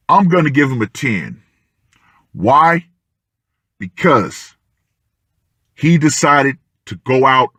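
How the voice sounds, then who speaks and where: A man giving ranting commentary with emphatic, deliberate, punchy declarations. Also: medium pitch, sharp tone, no room sound, studio quality. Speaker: online commentator.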